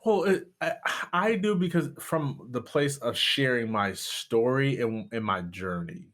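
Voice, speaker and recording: A man's voice: medium pitch, animated, measured pace, a bit bright. A man from Michigan, a pastor, telling a personal story in an interview with rising passion. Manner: impassioned, voice rising sharply at peaks. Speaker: guest, pastor and speaker.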